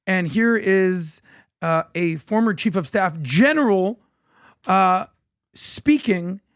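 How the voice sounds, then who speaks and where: Speaking slowly in a high voice, a man co-hosts a political podcast. The sound is dry and clean, like a studio. He animatedly tells anecdotes, voicing the exchanges in them himself.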